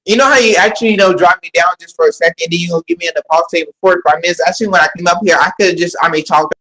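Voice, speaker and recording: Fast, stammering boastful man. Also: sits high, pushed and bright, rough recording. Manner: halting, full of stammered restarts and constant fillers; taunting, self-praising. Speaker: live-stream panel guest. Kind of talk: boastful casual chat.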